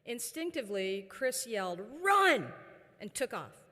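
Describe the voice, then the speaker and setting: A woman giving a commencement address as university chancellor, telling a personal story with fillers and pauses. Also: medium pitch. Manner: warm storytelling with frequent fillers. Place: large indoor ceremony hall. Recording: long reverb of a large ceremony hall.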